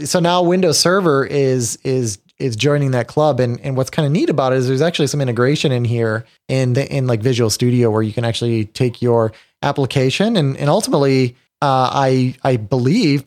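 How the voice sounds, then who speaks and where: A man's voice: medium pitch, a little mellow. A man hosting a tech podcast, talking casually in an upbeat way with many restarts. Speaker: podcast host.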